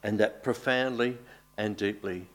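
A man preaching a baptism sermon as pastor, speaking earnestly with small restarts and pauses. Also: on the low side.

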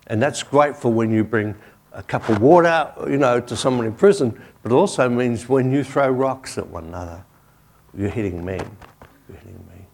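A man's voice: mid-range voice, animated, normal speed, slight background noise. A male pastor giving a sermon and a prayer while kneeling, telling a story in a conversational way with frequent "you know".

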